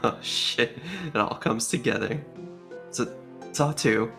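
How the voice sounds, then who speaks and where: A co-player chats on a game stream in a slow, unhurried way. The speech halts and restarts often. The tone stays loose and giggly. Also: medium pitch, gravelly, faint music behind. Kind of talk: casual chat while gaming.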